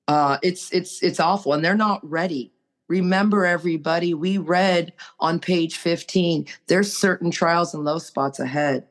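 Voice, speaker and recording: A woman's voice: on the low side, a little slow. A woman sharing on a recovery podcast, earnest and preachy as she urges listeners on. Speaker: recovery group member.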